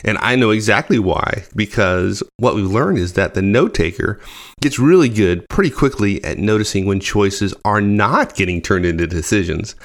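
A man with a low voice hosts a casual podcast. He is easygoing and laughs often as he walks through each point in order. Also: animated, moderate pace. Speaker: podcast host.

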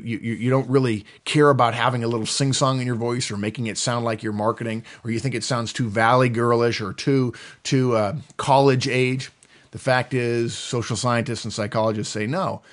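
A middle-aged man co-hosting a podcast in a fast, animated manner, often breaking into laughter. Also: medium pitch. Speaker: podcast co-host. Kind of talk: animated casual chat.

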